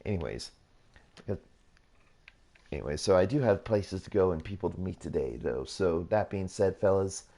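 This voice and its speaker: A man's voice: low voice, lively intonation, moderate pace, pauses often, mellow. A man hosting his gaming channel, talking through a build tutorial in a rambling, repetitive way, often correcting himself. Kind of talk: casual build tutorial commentary.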